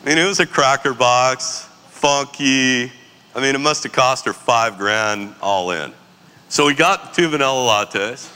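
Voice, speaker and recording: A man in his forties telling a story in a casual, animated, slangy way. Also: mid-range voice, measured pace, clear, resonant tone, long reverb tail. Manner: animated, slangy, laughs often.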